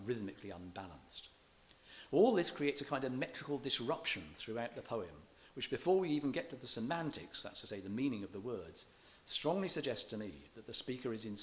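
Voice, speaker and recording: Scholarly man lecturing, faint hiss. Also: lowish voice. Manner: measured, slows to read verse aloud with stressed beats; halting restarts, scholarly. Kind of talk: public lecture on poetry. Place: church hall.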